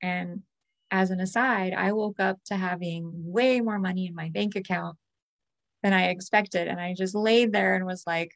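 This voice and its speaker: A woman energy healer leading a guided release meditation, talking in a soft, invoking, repetitive way. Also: fairly low pitch, fairly even intonation, moderate pace, no room sound.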